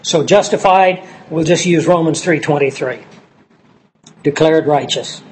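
A man preaching a sermon, slowing down to stress key words as he lists scripture passages. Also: on the high side, slight background noise, rough recording. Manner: slow and emphatic on key words, citing scripture verses.

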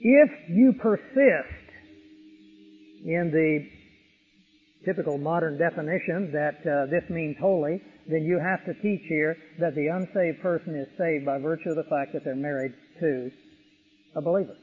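A man's voice: fairly high pitch, steady tone, normal speed, husky. A man preaching an expository sermon, emphatic, with vivid illustrations. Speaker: pastor. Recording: tinny radio broadcast with long reverb.

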